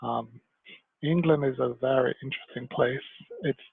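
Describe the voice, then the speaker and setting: A Jamaican-born man telling stories from his life as an interview guest, in an animated way. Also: medium pitch, moderate pace, creaky, husky, no room sound. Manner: animated storyteller, slips into mimicked voices. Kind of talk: conversational interview storytelling. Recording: tinny phone-like line, dry.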